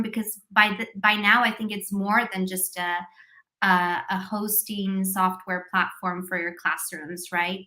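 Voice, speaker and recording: Woman host on a video call, bright clear voice, super upbeat and gushing. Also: fairly high pitch. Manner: upbeat, effusive, many thanks and praise. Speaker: host of teacher business coaching live stream. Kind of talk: live-stream interview.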